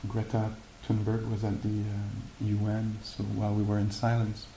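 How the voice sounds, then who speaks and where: A man giving a meditation talk and answering questions, speaking haltingly with many fillers and restarts. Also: on the low side, completely flat delivery, mellow. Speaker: meditation teacher. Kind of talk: dharma talk and Q&A. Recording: echoey room with faint hiss.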